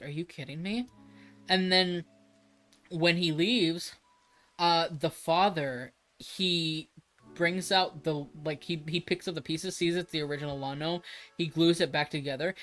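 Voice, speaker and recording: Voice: medium pitch, a bit bright. A livestreamer chatting casually, rambling and emphatic with frequent restarts and swearing.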